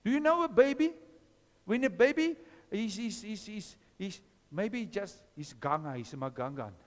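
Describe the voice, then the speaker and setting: A man preaches with a high, lively voice that leaps up and down as he questions his listeners. His sermon rings through a hall with a long reverb trailing every phrase. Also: moderate pace. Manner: questions the congregation, animated. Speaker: pastor.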